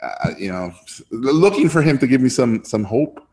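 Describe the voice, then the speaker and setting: A man, a filmmaker guest telling an animated anecdote and jumping high in pitch when he quotes others. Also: normal speed. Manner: lively storyteller, jumps high when quoting others.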